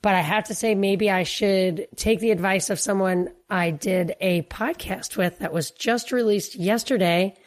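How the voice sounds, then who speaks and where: Hoarse woman co-host chatting casually. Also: mid-range voice, unhurried, few pauses. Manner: chatty, rambling storyteller. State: hoarse, losing her voice. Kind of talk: casual news chat. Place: on remote, away from studio.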